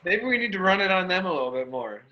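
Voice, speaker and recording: A man's voice: sits high, big pitch swings, quick pace, dull audio. A man facilitating a live workshop class in a room, loose and playful, breaking into whoops. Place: room with an audience.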